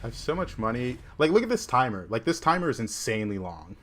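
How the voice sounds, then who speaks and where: Fast and sing-song, a medium-pitched, slightly bright male voice delivers laid-back livestream commentary over a game, with faint background noise. The speaker is a man from the southern US with a Southern accent who says "like" constantly.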